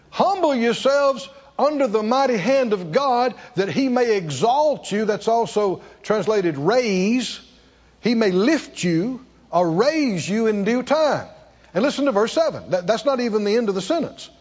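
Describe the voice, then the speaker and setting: A preacher, a man with a high, lively voice that swings from hushed to loud. He talks in rhetorical questions, and his voice has a husky edge. The recording is dull and carries the long echo of a large hall. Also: unhurried. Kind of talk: sermon.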